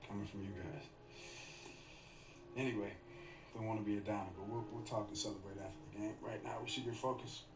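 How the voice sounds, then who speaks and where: A man voicing a young pro basketball player in a game story scene, speaking in a subdued, low-key way about missing his late father. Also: steady tone, a little fast, pauses often, heavy background noise, lightly acted. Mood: somber. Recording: distant roomy game audio with loud music.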